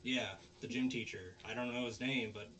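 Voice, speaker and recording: This podcast host speaks in a mid-range voice at a moderate pace. He rambles through his anime recaps, full of fillers and false starts, and performs the characters' dialogue in lively voices for his casual show.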